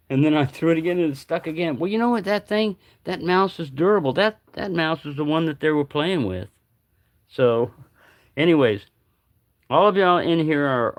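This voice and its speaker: Rambling, joking man on a livestream. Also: on the high side. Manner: rambling, joking, mumbles asides to himself. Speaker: livestream host. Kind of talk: casual livestream chat.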